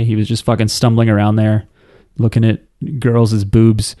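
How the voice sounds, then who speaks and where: A man's voice: lowish voice, completely flat delivery, moderate pace, mellow, no room sound, clean studio sound. A man co-hosting a casual podcast, recapping an anime with crude jokes and acted-out quotes. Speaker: podcast co-host.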